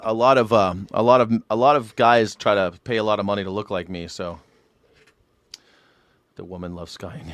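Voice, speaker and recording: Hosting a casual call-in livestream, a man with a low, clear, resonant voice rambles, swears, and jokingly brags about himself. There is no room sound.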